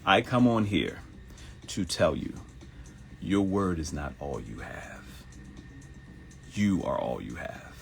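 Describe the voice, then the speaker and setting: A man in his fifties hosting a live morning show, giving a motivational monologue that repeats phrases and jumps into high mock voices for quotes. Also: very animated, slow, gravelly, pauses often, darkish tone, soft background music. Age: 50s.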